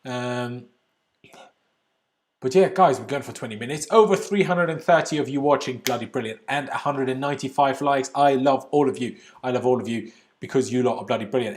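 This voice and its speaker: Young guy chatting fast on a live q&a, opinionated, answering the chat, mid pitch. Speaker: YouTube channel host. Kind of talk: live stream Q&A about football.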